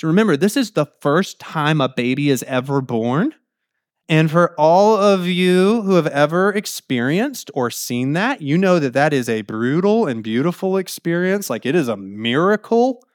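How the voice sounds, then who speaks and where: Animated preacher, dry close sound. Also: male voice, fairly high pitch, dry recording. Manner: animated, acts out quotes, laughs easily. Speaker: pastor. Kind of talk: sermon.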